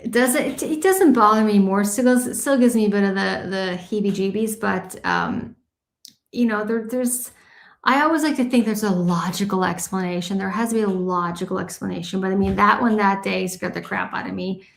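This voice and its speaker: A woman's voice: mid-range voice, lively intonation, moderate pace, vocal fry, echoey room. A woman guest on a radio show, telling personal anecdotes in a chatty, casual way with many "you know"s. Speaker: guest storyteller. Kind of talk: casual interview conversation.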